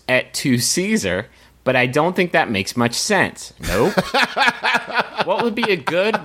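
A man's voice: mid-range voice, a bit bright. A man co-hosting a comedy podcast, riffing and joking with casual profanity. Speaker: podcast co-host.

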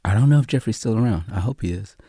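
Animated male storyteller, dry sound. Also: fairly low pitch, rapid-fire, slightly rough, dry recording. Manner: animated storyteller acting out quoted voices, frequent profanity. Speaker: actor, guest. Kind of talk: casual storytelling interview.

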